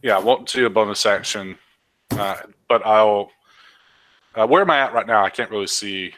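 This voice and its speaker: Man, game player, hesitant, low pitch, bright tense tone. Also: normal speed, a little hiss or hum. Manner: hesitant, many fillers. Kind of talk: tabletop game play.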